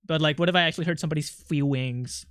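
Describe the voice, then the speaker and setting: A man's voice: a little high, fast talker, fairly bright tone, clean tone, no room sound. A young man streaming his art, chatting casually with his chat in an irritable, snappy way, swearing and venting.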